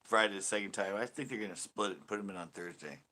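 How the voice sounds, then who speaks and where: Man, low voice, forceful tone, rambling joking live-stream chat. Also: fast. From California. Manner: joking, rambling, laughs a lot. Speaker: fishing channel host.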